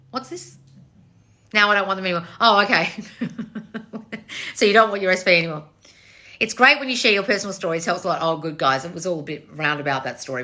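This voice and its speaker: A woman's voice: medium pitch, bright, forceful tone. A woman coaching viewers on a live stream, reading their comments aloud and answering bluntly with pointed rhetorical questions, swearing casually.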